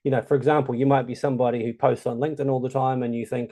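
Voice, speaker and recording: A man's voice: medium pitch, little pitch movement, racing, warm tone. A man with a New Zealand accent giving a chatty, casual tutorial with lots of ums. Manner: chatty, loose, many ums. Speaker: tutorial host. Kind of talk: casual screen-share tutorial.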